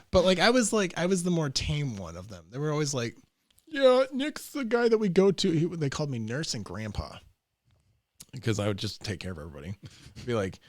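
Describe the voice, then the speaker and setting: A man's voice: medium pitch, brisk, pauses often, no echo. A young man spins rowdy anecdotes on a podcast, his voice jumping up and down as he acts out quotes between bursts of laughter. He swears freely and keeps a loose, joking tone. The room sounds close and dry. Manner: animated, profane, laughs often, acts out quotes. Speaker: podcast guest. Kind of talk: casual storytelling.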